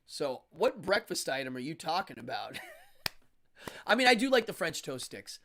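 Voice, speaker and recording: A man's voice: on the high side, moderate pace, background noise. Chatty man hosting a live stream. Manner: chatty and animated, reading chat aloud. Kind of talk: casual live stream chat. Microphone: studio microphone.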